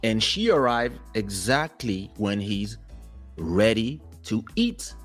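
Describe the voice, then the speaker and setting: With soft music in the background, a man with a fairly low voice speaks slowly. A native French speaker co-hosting a podcast, he chats casually and tells lively stories, performing the voices of the people in them.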